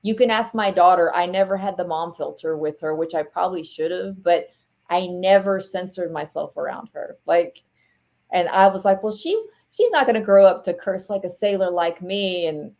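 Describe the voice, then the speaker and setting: Excitable, blunt woman podcast guest. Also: lowish voice, normal speed, gravelly. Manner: excitable, blunt, laughs often. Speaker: podcast guest, ghost hunter. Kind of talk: casual chat.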